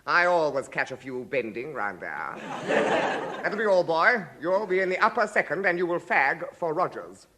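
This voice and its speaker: A man's voice: a little high, sing-song, moderate pace, heavy background noise. A man playing a stern, sadistic male headmaster in a 1950s radio comedy, barking questions at a boy.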